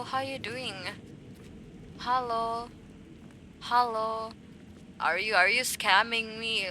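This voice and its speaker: A woman's voice: fairly high pitch, sharp tone, slight background noise. A woman streaming a game, chatting with viewers in a playful, teasing way. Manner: playful, teasing, talks back to chat. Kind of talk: casual gaming stream chat.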